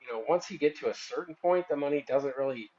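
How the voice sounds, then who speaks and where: A man's voice: on the high side, fast talker, darkish tone. Rambling man on a dull line. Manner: rambling, trails off and restarts. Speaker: podcast guest. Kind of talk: casual chat.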